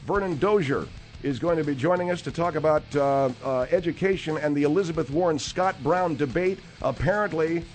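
Brisk man hosting a radio show. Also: a little high, faint music behind. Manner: brisk, announcer-like plugs. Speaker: radio host. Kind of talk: talk radio comedy hosting. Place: radio studio.

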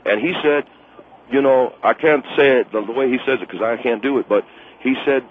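A man's voice: medium pitch, fairly quick, a little hiss or hum. A man calling in to a radio show, flustered and apologetic, stumbling over his words and repeating ma'am. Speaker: caller. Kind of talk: call-in radio prank call. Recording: tinny phone line.

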